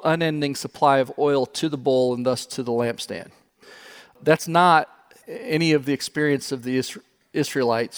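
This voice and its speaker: Older Midwestern pastor, lively telling. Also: male voice, medium pitch. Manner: animated storytelling, chuckles often. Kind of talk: sermon.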